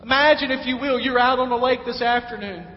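Man, high voice, conversational sermon, long hall reverb, dull lo-fi sound. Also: fairly even intonation, brisk, a little hiss or hum. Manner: conversational preaching, acts out quoted voices. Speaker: pastor.

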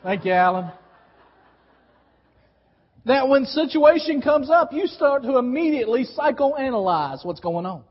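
A high-pitched man preaching to a congregation, hammering his points with repetition and calling for responses. His voice rings with a long church reverb. The live recording sounds dull and muffled. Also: very animated, a little slow, pauses often. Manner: emphatic, repeats key phrases, coaches the congregation to respond. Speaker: pastor. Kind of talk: sermon. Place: church sanctuary.

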